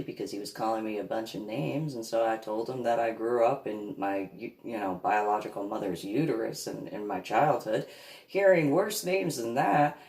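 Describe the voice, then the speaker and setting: A woman's voice: a bass voice, a little mellow. Lady rambling through a family story, laughs a lot, echoey room. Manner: laughs at her own story, acts out others' voices.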